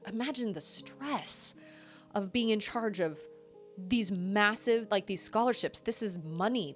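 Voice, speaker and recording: A young adult woman, a live streamer, telling stories in a chatty, animated way with quick asides. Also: on the low side. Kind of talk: casual storytelling on a live game stream.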